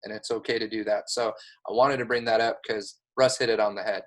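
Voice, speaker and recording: A sales coach gives a coaching talk to a new agent in a lowish, steady voice at a brisk pace. His manner is earnest, emphatic and encouraging.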